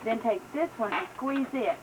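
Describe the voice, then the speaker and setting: A woman's voice: fairly high pitch, moderate pace, noisy background. A woman with a Southern accent teaching gospel clowning and balloon twisting in a folksy, chatty way with many fillers. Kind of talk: casual instructional talk.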